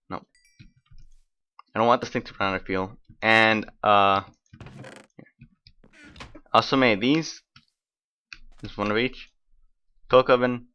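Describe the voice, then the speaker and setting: A man's voice: on the low side, bright, forceful tone, clean tone, highs cut off. A man giving casual, rambling gameplay commentary as host of his own let's play, talking in an offhand, chatty way.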